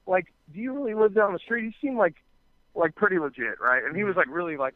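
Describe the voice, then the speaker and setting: High-pitched and quick, with lively intonation, a male podcast co-host chats casually through a long, meandering story, cursing and using fillers while performing others' dialogue. There's no room sound; the audio is dry and tinny like a phone call.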